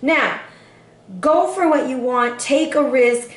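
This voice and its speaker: A woman's voice: high voice, slow pace, echoey room. A woman giving a casual tarot forecast straight to the viewer, sassy and chatty, calling her listener baby. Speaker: tarot reader.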